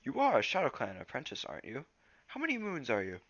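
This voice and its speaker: A man voicing an older male warrior cat mentor in a storybook reading, slow and measured. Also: medium pitch, wildly swooping pitch, fairly bright tone, dry recording, highs cut off, pitched above the performer's own voice.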